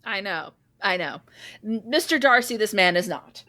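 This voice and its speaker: A woman hosting a podcast in casual chat, chatty and giggly, quick to agree. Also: medium pitch, expressive, bright, forceful tone. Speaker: podcast host.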